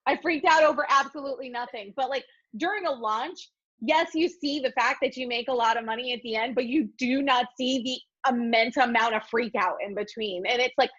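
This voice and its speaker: A woman guest on a coaching interview, telling her story with lively, swearing candor and acting out her panicked thoughts. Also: on the high side, fairly quick, highs cut off. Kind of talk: candid podcast interview.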